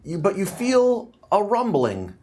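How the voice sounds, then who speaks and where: A man's voice: high-pitched, huge pitch swings, darkish tone, slight background noise. A man running a tabletop game as game master, narrating with frequent laughs and fillers. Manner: giggly, halting with many fillers.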